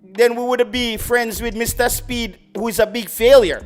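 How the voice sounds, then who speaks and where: A man's voice: very high-pitched, normal speed, faint music behind. A Jamaican man hosting a football channel, ranting boastfully on a livestream and slipping into patois. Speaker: football YouTube host. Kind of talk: heated livestream football rant.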